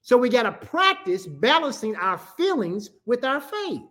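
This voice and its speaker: A middle-aged woman pastor delivers a sermon in a high voice. Her pitch rises and falls with lively swings as she preaches. She calls on the congregation to answer back. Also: measured pace. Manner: preaching with call-and-response to the congregation.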